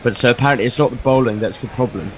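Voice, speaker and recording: A man's voice: medium pitch, very fast, poor audio. A man chatting casually as a cricket co-commentator, giving easygoing analysis, with faint background noise.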